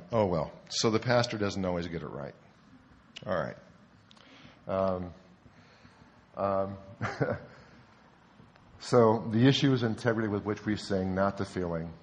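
A man's voice: lowish voice, fairly bright tone, long reverb tail. An older man, a pastor, telling a self-deprecating story in a conversational sermon. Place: church sanctuary.

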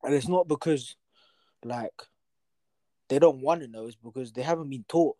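A young man, co-hosting a casual podcast chat and telling animated stories full of slang. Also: medium pitch, normal speed, no echo. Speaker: podcast co-host.

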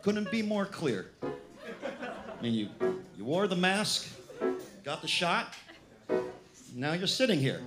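On a live club stage, a man delivers a wry, reassuring spoken-word comedy piece in a sing-song, rhythmic style over live instrumental music. His voice is high-pitched with big pitch swings, and he speaks slowly with frequent pauses.

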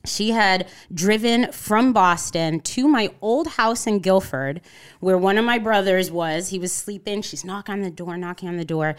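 A woman's voice: mid-range voice, moderate pace, clean tone. A woman in her thirties from Connecticut, a podcast guest telling her story in a casual interview, acting out what people said and often adding "you know" and "like". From Connecticut, USA. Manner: animated storyteller, acts out quotes, frequent "you know" and "like".

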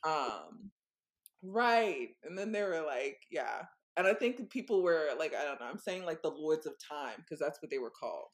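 A woman's voice: deep voice, sing-song, normal speed. A young woman co-hosting a podcast, telling a story casually in a rambling way, full of "like" and "um". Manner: rambling, full of "like" and "um", acts out voices. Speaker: podcast co-host.

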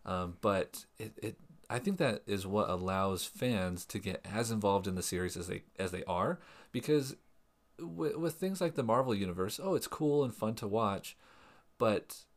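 A man co-hosting a podcast in casual chat, thoughtful and hesitant, often pausing and restarting. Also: fairly low pitch. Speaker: podcast co-host.

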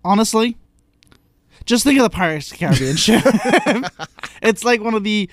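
A man's voice: high-pitched, lively intonation, moderate pace, no room sound. Explaining podcast co-host man. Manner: explanatory, stretches words for emphasis. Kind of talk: casual conversational explanation.

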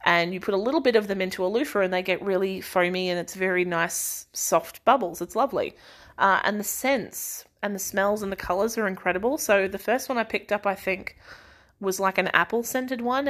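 A woman's voice: medium pitch, normal speed, fairly bright tone. A young woman, casually rambling through family stories as a podcast host, laughing and sighing often. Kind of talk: casual chat.

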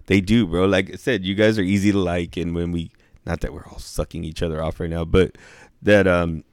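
A man's voice: low voice, level tone, fairly quick, clear, resonant tone, no room sound, clean studio sound. A man co-hosting a podcast in a laid-back casual chat, swearing and calling his friend bro and dude.

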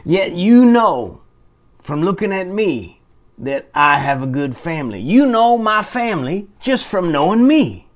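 A man's voice: high voice, very animated, a little slow, voice pushed up. Man doing a proud chirpy rooster. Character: proud, grateful male farm rooster.

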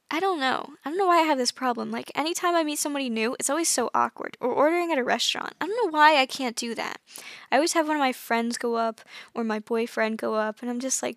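A woman's voice: high voice, a bit bright, no echo, clean studio sound. A young woman hosting her own podcast, chatting casually and self-consciously, acting out small dialogues as she talks. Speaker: podcast host. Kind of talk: casual solo podcast chat.

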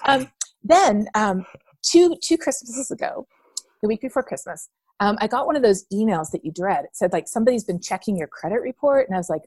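A woman's voice: mid-range voice, fast, breathy edge, dry recording. A woman from Canada in an interview, telling stories animatedly and acting out what others said. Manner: animated storytelling, acts out quoted voices. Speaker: interview guest. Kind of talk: casual interview talk.

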